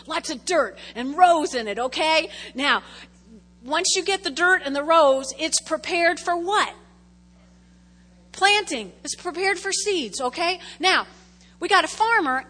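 Woman pastor, high voice, chatty sermon with call-outs, long hall reverb. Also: pushed and bright. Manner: chatty, repeats phrases, asks the congregation questions. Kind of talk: casual sermon.

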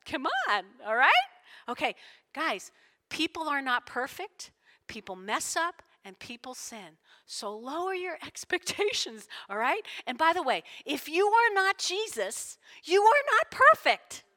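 A woman pastor preaching a lively sermon to her congregation, playfully acting out the people she quotes. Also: sits high, unhurried. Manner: animated, playful, acts out quotes with big shifts. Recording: long hall reverb.

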